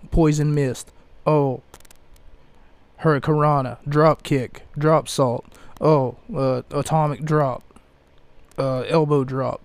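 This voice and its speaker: A man hosting a podcast at a slow, unhurried pace in a mellow, low-key voice. He rambles and hesitates, dropping in dry puns. The recording sounds close and dry. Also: dry recording. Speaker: podcast host. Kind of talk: casual solo review podcast.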